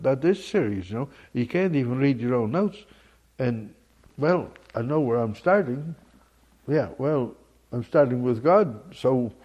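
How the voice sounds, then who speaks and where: Husky preacher with sudden loud outbursts. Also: male voice, mid-range voice. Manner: swings between quiet musing and loud emphatic outbursts. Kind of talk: sermon.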